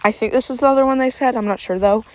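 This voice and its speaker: A woman's voice: fairly high pitch, rapid-fire, a little mellow, low-quality recording. A woman reading comments aloud and rebutting them indignantly while out walking her dog, out of breath. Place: outdoors on a street walk. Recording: faint street noise, passing cars.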